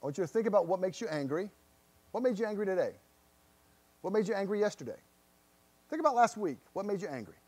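Earnest high-voiced male pastor preaching. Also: sing-song, quick pace, pauses often, a little mellow. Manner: earnest, repeats words, pleading questions to the congregation. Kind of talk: sermon. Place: church.

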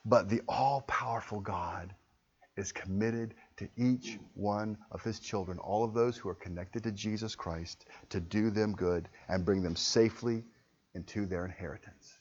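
A man preaching a sermon as a pastor, animated, acting out the voices he quotes and then dropping to quiet intensity. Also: lowish voice, slightly rough, dull audio. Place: church hall with a congregation.

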